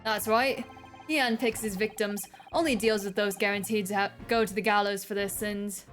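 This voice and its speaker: A woman's voice: mid-range voice, steady tone, normal speed, a bit bright, soft background music, lightly acted. Woman reading as scornful grumbling police inspector. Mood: gruff. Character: brusque middle-aged male police inspector.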